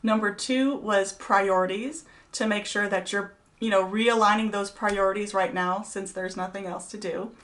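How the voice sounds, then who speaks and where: A woman's voice: medium pitch, steady tone, moderate pace, a bit bright. A middle-aged woman giving a casual devotional talk to college students, chatty and encouraging, with many fillers. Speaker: college vespers speaker.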